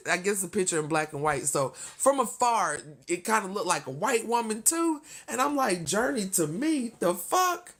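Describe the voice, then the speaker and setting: A woman with a bright, sharp voice, talking to her viewers on a livestream. She rants in a heated, profane run straight to the camera and keeps breaking into laughter and sorry-filled asides. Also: lowish voice. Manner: laughs often, apologetic asides. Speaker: livestream host. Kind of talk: casual livestream rant.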